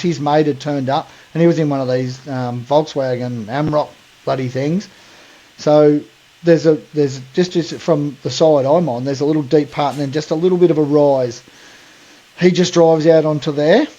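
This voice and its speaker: An Australian podcast host tells a long story in a rambling, slangy way, full of fillers. His voice is on the high side with a dark tone, and the sound is lo-fi.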